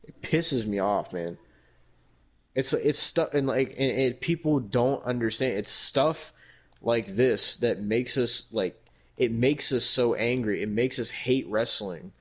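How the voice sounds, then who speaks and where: A man's voice: mid-range voice, slow pace, fairly bright tone. Heated, foul-mouthed male podcast host. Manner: heated, heavily profane ranting. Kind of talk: casual podcast rant.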